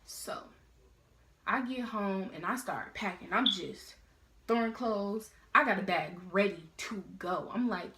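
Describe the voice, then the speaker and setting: Teen girl vlogger, animated casual storyteller, mid-range voice in an echoey room. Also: mid-range voice, a little slow, a little hiss or hum. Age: teens. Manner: casual, slangy, animated retelling. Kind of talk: storytime vlog. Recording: roomy echo.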